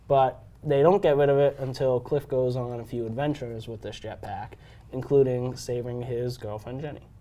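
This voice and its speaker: A man's voice: medium pitch, fairly even intonation, moderate pace, a little mellow. A young man co-hosting a podcast, chatting casually and enthusiastically about a movie, full of "like" and "um". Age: young adult. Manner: enthusiastic, filler-heavy with lots of "like" and "um". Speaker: podcast co-host. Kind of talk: casual film discussion chat.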